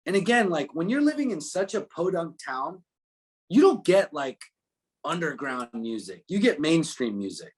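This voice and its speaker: Man in his 30s, musician guest, easygoing and rambling, slightly higher speaking voice. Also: big pitch swings, moderate pace, husky. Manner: laid-back, rambling with fillers. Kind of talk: casual interview chat.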